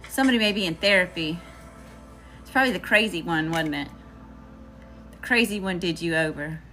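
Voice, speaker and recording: A woman with a Southern accent gives a casual tarot reading in a bright, ringing voice. She talks in a loose, slangy, chatty way and answers Spirit aloud as she goes. Faint music plays under her voice. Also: fairly low pitch, fairly quick. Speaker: tarot reader.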